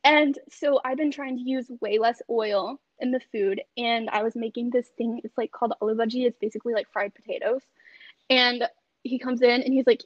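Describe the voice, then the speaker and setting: A woman's voice: fairly high pitch, fairly even intonation, fairly quick, no echo, highs cut off. A young woman talking casually on a podcast over a video call, chatty with many fillers and frequent laughs. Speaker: podcast guest.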